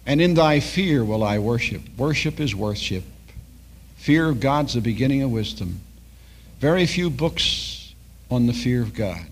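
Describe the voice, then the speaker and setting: A man's voice: medium pitch, lively intonation, a little slow, slight background noise. An older man preaching a sermon as a pastor, telling stories and acting out the dialogue.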